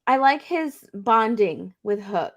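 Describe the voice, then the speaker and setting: A woman's voice: fairly high pitch, lively intonation, takes it slowly, highs cut off. A woman co-hosting a casual chat, enthusiastic and giggly, often stumbling and restarting her words. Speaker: podcast co-host.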